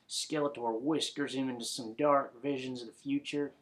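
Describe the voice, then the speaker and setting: A man's voice: mid-range voice, steady tone, moderate pace, hardly any pauses. A man narrating a comic story in a laid-back drawl full of folksy slang.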